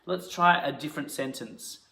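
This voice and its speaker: A man teaching an acting lesson, jumping into loud, indignant improvised scenes. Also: on the high side, normal speed, creaky. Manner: bursts into loud indignant outbursts during scenes. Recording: echoey room.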